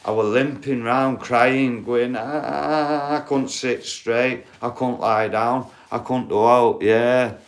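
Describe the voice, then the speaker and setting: A man's voice: medium pitch, little pitch movement, takes it slowly, few pauses. A man, rambling and swearing as he chats casually with viewers on a livestream.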